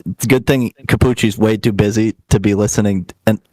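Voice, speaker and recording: A man's voice: on the low side, steady tone, fairly quick, darkish tone, no room sound, rough recording. Laid-back young man rambling with "like". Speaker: podcast co-host. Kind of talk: casual podcast chat.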